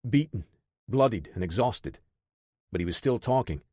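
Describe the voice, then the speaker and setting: This military action audiobook is read as scripted narration by a man with a medium-pitched voice, delivered at a steady, measured pace. The sound is studio quality, without echo.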